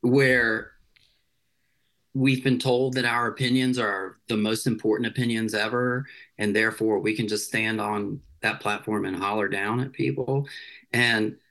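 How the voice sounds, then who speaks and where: A man's voice: on the low side, fairly even intonation, a little slow, a bit bright. A man, a chef, chatting casually as an interview guest in a rambling, loose way full of filler words.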